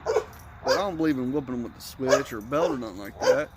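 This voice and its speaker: A man's voice: mid-range voice, fast, heavy background noise. A man casually telling rambling family stories, swearing freely and slipping into other people's voices as he goes. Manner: rambling, profane, animated retelling. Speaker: storyteller. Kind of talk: casual storytelling.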